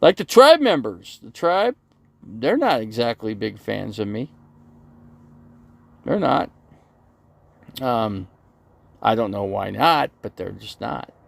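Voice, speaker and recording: Gravelly, animated man livestreaming. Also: lowish voice, slow pace, long pauses. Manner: rambling, reads viewer comments aloud and answers them. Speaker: RV channel livestreamer. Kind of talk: casual live-stream chat.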